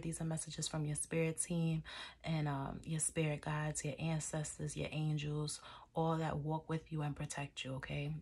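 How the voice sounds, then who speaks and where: A woman's voice: deep voice, slightly rough. A young woman doing a casual tarot reading, chatty and laughing, swearing now and then, recorded on a phone camera in a dim room. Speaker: tarot reader.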